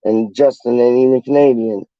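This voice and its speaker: A man's voice: mid-range voice, steady tone, normal speed, mellow, no echo, lo-fi sound. A man from the UK hosting a casual livestream, reading out chat in a slangy, rambling, playful way. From United Kingdom.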